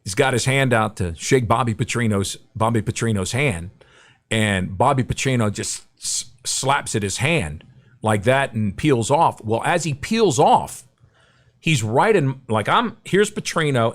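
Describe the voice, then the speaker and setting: A middle-aged man with a mid-range voice appears as a guest broadcaster in a podcast interview. He tells anecdotes and acts out the quotes.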